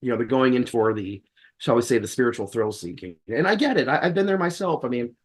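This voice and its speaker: A man's voice: medium pitch, animated, fast, husky. Wry storytelling man. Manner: wry, acts out quoted dialogue; rambling with frequent restarts. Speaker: podcast guest, exorcist. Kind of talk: casual storytelling in conversation.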